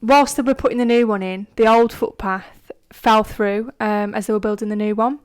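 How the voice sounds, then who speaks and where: A woman's voice: fairly high pitch, fairly even intonation, moderate pace, clear, resonant tone. A woman co-hosting a podcast, chatting casually with many fillers, laughs and the odd swear word. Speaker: podcast co-host. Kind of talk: casual chat.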